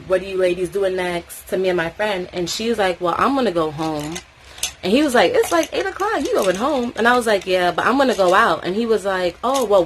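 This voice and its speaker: A young woman from New City, telling a personal story in a chatty, expressive way, swearing freely and acting out what people said. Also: on the low side, slight background noise, rough recording. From New York City. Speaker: vlogger. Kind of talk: casual storytime, get-ready-with-me.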